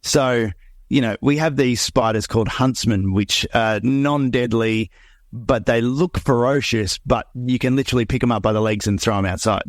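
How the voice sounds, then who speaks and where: Chatty Australian podcast host. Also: male voice, medium pitch, normal speed, no echo, clean studio sound. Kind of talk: casual podcast chat.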